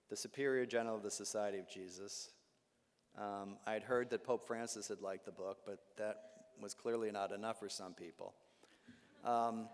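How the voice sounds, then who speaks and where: A man, a Jesuit priest, giving a talk to a live audience with animated storytelling, humor and asides. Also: medium pitch. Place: large hall with live audience. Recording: long hall reverb.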